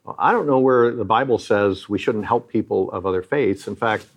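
A man's voice: on the low side, normal speed. A middle-aged man who leads a Christian aid charity, speaking earnestly and like a preacher as he tells moving stories in an interview.

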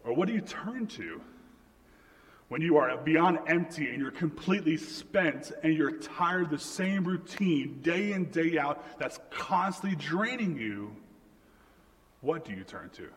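A young man preaching a sermon in a church, telling family stories with lively acted-out quotes. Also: fairly high pitch, measured pace. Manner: storytelling, animated quoting of family. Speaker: pastor. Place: church sanctuary. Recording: reverberant church hall.

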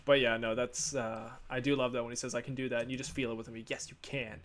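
A man's voice: mid-range voice, level tone, fast talker, fairly bright tone. A man co-hosting a casual movie podcast, laughing often and acting out quotes in silly voices. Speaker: podcast co-host.

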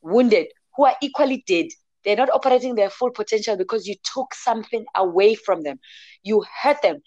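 A woman's voice: mid-range voice, animated, a little fast, darkish tone, no room sound, highs cut off. A woman talking passionately and emphatically in a casual discussion, speaking as an advocate for emotional health. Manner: passionate and emphatic, mixes in local words.

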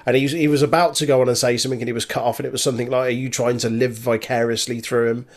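A man chatting casually as a podcast co-host, animated, laughing often and swearing. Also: mid-range voice, rapid-fire. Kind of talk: casual chat recapping a wrestling show.

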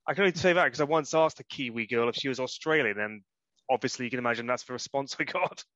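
A man's voice: mid-range voice, fast, a bit bright, no echo, dull audio. A man co-hosting a casual chat, easygoing and hesitant, thinking aloud as he goes. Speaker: podcast co-host.

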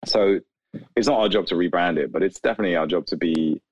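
A man, a video creator, talking casually in an interview with many "like" fillers and animated asides. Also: deep voice, fast talker, no room sound, poor audio. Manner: rambling, animated, lots of "like" fillers.

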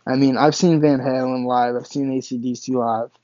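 A man's voice: medium pitch, fairly even intonation, moderate pace, warm tone, no room sound, muffled recording. A man, casually telling a personal story, swearing often and stumbling over restarts. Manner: profane, rambling, frequent restarts and stammers.

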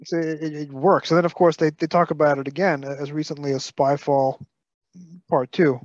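Brooklyn-accented male co-host, brisk trivia-heavy chat, dull close recording. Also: fairly high pitch, steady tone, no echo. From Brooklyn, New York. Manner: detailed, fact-heavy, playfully scolding. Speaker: podcast co-host. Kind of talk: casual podcast chat.

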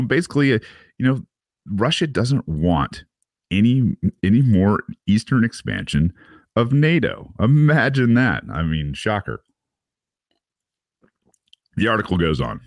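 A man's voice: sits low, no room sound, clean studio sound. A man reading a news article aloud and adding sardonic asides, with repeated words and fillers. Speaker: podcast host reading and commenting on a news article. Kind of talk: casual commentary with read-aloud passages.

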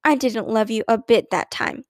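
A woman's voice: a little high, moderate pace, no room sound, clean studio sound, close to an everyday voice. A woman voicing a sensible, good-humored mother in a storybook reading. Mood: fond.

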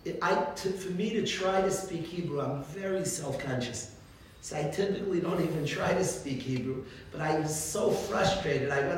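A man, a rabbi, giving an informal religious talk full of animated stories and frequent chuckles. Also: a little high, moderate pace. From United States. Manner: animated storytelling, chuckles often. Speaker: rabbi teaching a class. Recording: very echoey room, distant mic, faint noise.

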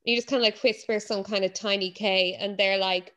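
Animated, swearing woman. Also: brisk, hardly any pauses. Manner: animated, swears a lot, acts out others in high mocking tones. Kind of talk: casual chat.

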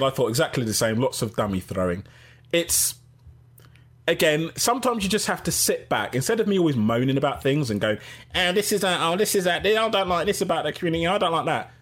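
A middle-aged man hosting a casual live-stream podcast, reading out chat and giving shout-outs. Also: medium pitch, slightly rough. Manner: chatty, gives shout-outs, laughs easily.

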